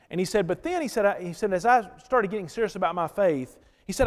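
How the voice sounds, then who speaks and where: High-voiced preacher in a reverberant church. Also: male voice, quick pace, hardly any pauses. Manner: storytelling with dynamic swings from loud to hushed. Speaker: pastor. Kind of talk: sermon.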